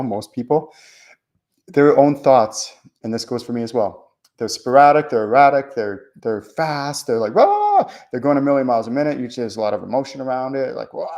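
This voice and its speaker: A man hosting a spiritual show, talking casually in a rambling, animated way with many fillers and restarts. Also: mid-range voice. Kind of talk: casual teaching monologue.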